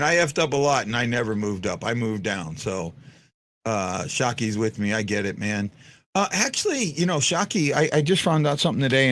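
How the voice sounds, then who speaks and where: A man with a mid-range, slightly bright voice hosts a fan podcast, with a little background noise audible. His talk is casual live-stream chat, rambling and full of restarts and fillers.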